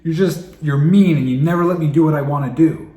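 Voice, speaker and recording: Man acting out an upset kid, whiny, indignant, pitched up, louder, roomy echo. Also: fairly quick, natural voice. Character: upset pouting child arguing with dad.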